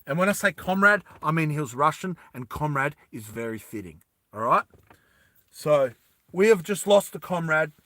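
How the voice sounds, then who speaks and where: Animated man narrating a tabletop game. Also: a little high, moderate pace, dry recording. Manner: animated, rambling storytelling. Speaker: game master.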